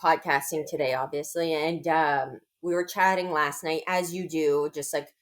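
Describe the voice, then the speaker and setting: A woman's voice: deep voice, steady tone, normal speed. A woman co-hosting a podcast, chatting casually and teasing her co-host. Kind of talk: casual chat.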